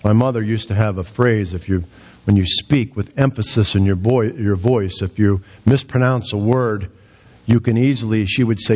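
A male pastor preaching with a husky edge to his voice, climbing higher when he acts out quoted lines. The sound is dull and muffled, like a lo-fi church recording. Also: normal speed, a little mellow. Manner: dramatic, rises in pitch for quoted lines. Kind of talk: sermon.

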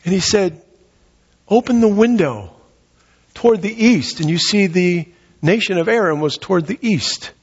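Husky, animated male preacher in a hall. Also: high voice, normal speed, long pauses. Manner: earnest preaching, reads scripture aloud and explains. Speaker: pastor. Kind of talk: sermon. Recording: dull lo-fi sound with long hall reverb.

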